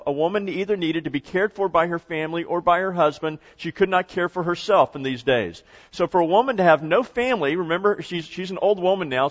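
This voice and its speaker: A preacher retells a story and explains it to his congregation, with a slightly higher-than-usual male voice. The recording sounds dull and lo-fi. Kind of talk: sermon.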